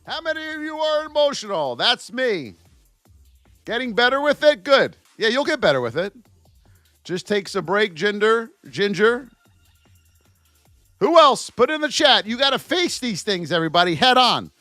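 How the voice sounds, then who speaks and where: A man hosting a live stock trading stream, giving market commentary and shouting out chat names in an animated, sing-song way. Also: high-pitched, a little slow, pauses often, no room sound, faint music behind. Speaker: stock trading livestream host.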